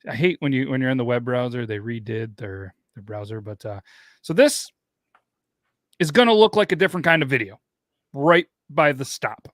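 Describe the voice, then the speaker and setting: Chatty male podcast host, lively voice. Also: medium pitch, normal speed, no echo, clean studio sound. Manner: rambling, with frequent fillers and restarts. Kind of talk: casual chat reacting to videos.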